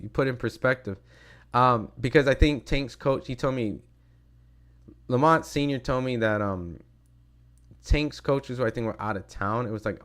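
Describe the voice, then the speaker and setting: A man's voice: fairly low pitch, a bit bright. A man hosting a boxing talk livestream, chatting loosely with many fillers and reading viewer comments aloud. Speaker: boxing show host reading live chat. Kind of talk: casual livestream chat.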